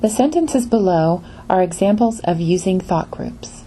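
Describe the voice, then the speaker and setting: A woman narrates a pronunciation lesson from a script. She speaks slowly and evenly in a warm, relaxed tone, with a faint hiss under the voice. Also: on the low side. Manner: slow, even lecture delivery. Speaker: pronunciation teacher.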